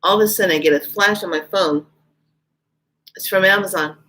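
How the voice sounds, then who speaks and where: A woman vlogger casually telling a personal story, her voice leaping up when she quotes herself. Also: brisk. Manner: animated, jumps high in pitch when quoting herself. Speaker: spiritual vlogger.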